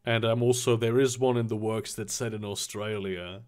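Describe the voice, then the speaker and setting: A man's voice: lowish voice, steady tone, normal speed, a little mellow. A man hosting a live stream, chatting casually and rambling with jokes and restarts. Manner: rambling, jokey, slips into a mock Australian voice. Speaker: streamer host.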